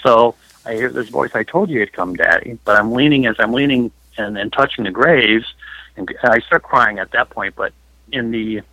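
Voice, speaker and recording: A middle-aged man appears as a paranormal investigator guest in a phone interview, rambling through emotional stories packed with fillers. His mid-range voice moves at a moderate pace, pushed and bright, recorded dry on a dull lo-fi line.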